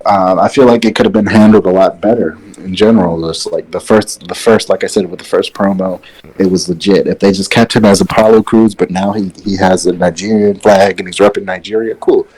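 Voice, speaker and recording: A man co-hosting a casual wrestling podcast, relaxed and opinionated, sitting some way back from his microphone. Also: low voice, fairly quick, breathy edge, rough recording. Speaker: podcast co-host. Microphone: sitting far from his mic.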